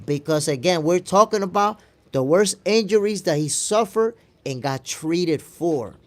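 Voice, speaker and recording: A man's voice: sits high, expressive, unhurried. A man hosting a boxing stream, arguing his point emphatically, repeating lines for stress and answering chat. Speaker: boxing show host. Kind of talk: live stream commentary reading chat.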